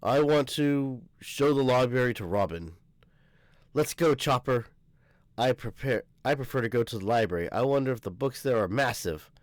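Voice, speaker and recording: A man's voice: mid-range voice, expressive, normal speed, no echo. A man casually reading a comic aloud and reacting, often stumbling and correcting himself. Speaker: manga reaction youtuber.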